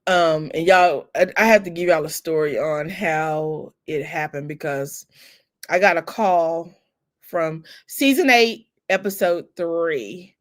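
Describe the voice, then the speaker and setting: A middle-aged woman hosting a casual livestream chat, telling family stories in a warm chatty way, close to tears. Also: low voice, slow pace. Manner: chatty storytelling with laughs and Southern "y'all". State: near tears. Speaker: livestream host. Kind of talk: casual chat with live viewers.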